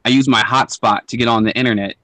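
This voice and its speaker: A man's voice: medium pitch, steady tone, quick pace, bright, forceful tone, dry recording. A young man co-hosting a podcast in casual chat, laid-back and full of slang and swearing. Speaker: podcast co-host.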